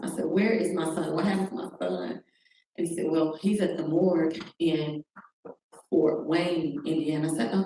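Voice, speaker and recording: Middle-aged woman guest, low dark voice, re-enacts the calls in her own story, recorded from afar in a reverberant room. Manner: recounts events by acting out quoted phone calls. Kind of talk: personal testimony on a talk show. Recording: very echoey room, distant mic, faint noise.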